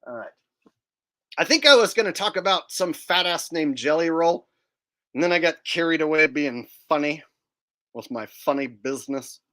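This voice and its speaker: A man's voice: a little high, lively intonation, normal speed, bright, forceful tone. A man hosting casual comedic commentary, crude, sarcastic and mocking. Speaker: channel host.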